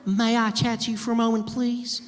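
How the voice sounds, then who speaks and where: A woman's voice: a little high, little pitch movement, brisk, voice pushed up, natural voice. A man voicing a brash, flirty Southern belle woman with a Southern American accent and a sugary, cooing manner. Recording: noisy, echoing live stage.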